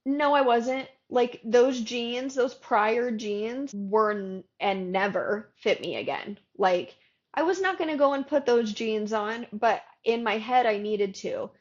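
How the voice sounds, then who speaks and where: A woman's voice: fairly high pitch, lively intonation, takes it slowly, muffled recording. A woman co-hosting a podcast, candidly telling her own story in a casual chat. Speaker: podcast co-host.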